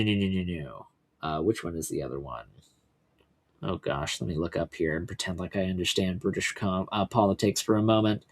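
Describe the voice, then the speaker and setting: Male streamer, mid pitch, profane ranting political commentary. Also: a bit bright. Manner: ranting, heavily profane, loose with fillers. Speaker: livestream host. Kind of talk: political commentary livestream, reading articles aloud.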